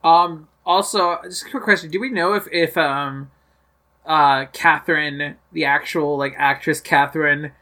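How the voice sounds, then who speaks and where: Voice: medium pitch, steady tone, measured pace, sharp tone. A podcast co-host chatting casually about a TV episode. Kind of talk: casual chat.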